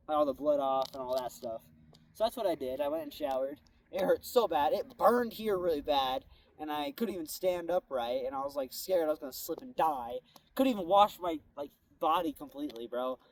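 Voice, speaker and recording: A man's voice: a little high, expressive, moderate pace. A young man casually telling a story about his own day, rambling and laid-back, saying "bro" and "like" a lot. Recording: a bit distant from the mic, faint background noise.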